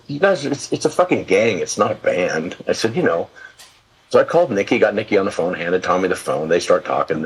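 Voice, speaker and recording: A man's voice: deep voice, slightly rough, rough recording. A man in his sixties telling rambling, profane stories in a casual interview, restarting his sentences often. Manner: profane, animated storyteller with many restarts. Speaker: guest, live event production executive.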